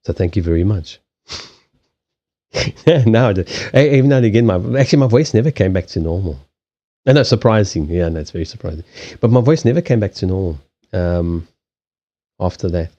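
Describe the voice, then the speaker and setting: A man with a low, mellow voice chats loosely on a live stream, circling back on himself and swearing casually. He talks into a desk microphone, and the sound comes through dull and lo-fi. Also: lively intonation, fairly quick. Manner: rambling, many restarts, casual swearing. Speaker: live streamer and card reader. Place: desk in a small home. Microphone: desk microphone on a stand.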